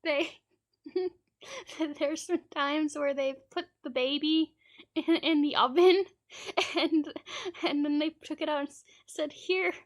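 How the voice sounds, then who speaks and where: A woman's voice: high-pitched, fairly even intonation, takes it slowly, long pauses. A woman streamer from Canada telling rambling, laughing anecdotes in a casual chat and acting out children's lines.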